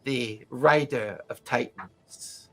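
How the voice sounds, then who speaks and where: A man doing a gentle old robed mystic, Mannheim. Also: medium pitch, faint music behind, voice pushed down. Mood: gracious. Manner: courteous, unhurried, faintly teasing.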